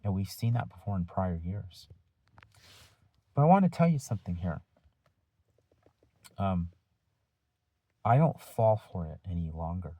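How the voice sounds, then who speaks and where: A male teacher giving a deliberate, firm talk to his students, using rhetorical questions and pauses. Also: low-pitched, lively intonation, mellow, no room sound. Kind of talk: lecture-style talk to students.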